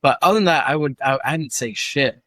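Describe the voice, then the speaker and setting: A man's voice: mid-range voice, fairly quick, a bit bright, dry recording. Easygoing podcast host man, dry voice. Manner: easygoing, laughs along. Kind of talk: casual chat.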